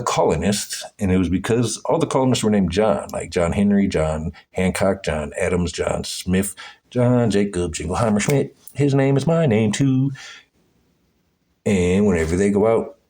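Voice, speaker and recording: A man's voice: fairly low pitch, moderate pace, darkish tone, breathy edge. A man giving profane, agitated commentary on old photos, exclaiming as he goes. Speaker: video host.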